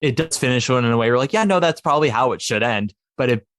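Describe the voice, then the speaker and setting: An eager man rambles through a casual podcast chat as the guest, piling up fillers and restarts. His voice sits at a middling pitch. The sound is close and very dry, with no room echo. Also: expressive, fast, a bit bright. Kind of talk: casual chat about musical theatre.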